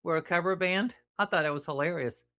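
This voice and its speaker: A woman's voice: on the low side, brisk, fairly bright tone. A woman hosting a casual podcast, reading dad jokes aloud and playing along with a joking co-host. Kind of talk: casual comedic chat.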